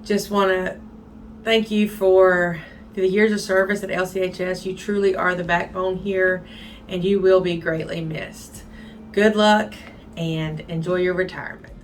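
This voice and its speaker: A woman speaks quickly in a low, flat voice, thanking a longtime colleague. Faint ambient hum sits underneath. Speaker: school colleague. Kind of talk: tribute message.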